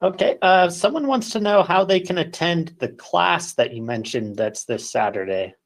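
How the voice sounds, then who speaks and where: A man moderating a webinar, passing on viewer questions in a casual, relaxed way. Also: high voice, moderate pace, vocal fry.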